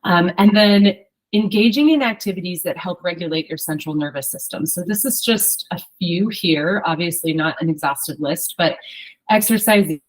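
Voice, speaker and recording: A woman's voice: lowish voice, normal speed, rough recording. A woman social worker presenting tips in a training session.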